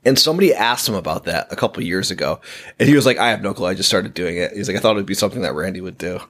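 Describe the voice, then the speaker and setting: A man's voice: sits low, expressive, racing, fairly bright tone. A man co-hosting a casual horror movie podcast, making sardonic, emphatic points and swearing freely. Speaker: podcast co-host.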